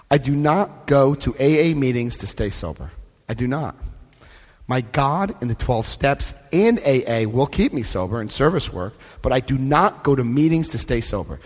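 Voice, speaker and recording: A man giving a lively, joking talk to an AA convention crowd, often acting out other people's voices. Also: mid-range voice. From United States. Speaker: AA convention speaker. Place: large convention hall. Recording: live hall recording with long reverb.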